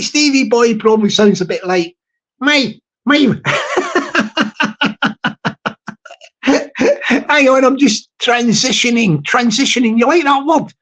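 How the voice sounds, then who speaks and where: A man's voice: very high-pitched, a bit bright. Rambling, jokey man hosting a livestream. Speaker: livestream host. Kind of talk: casual livestream chat.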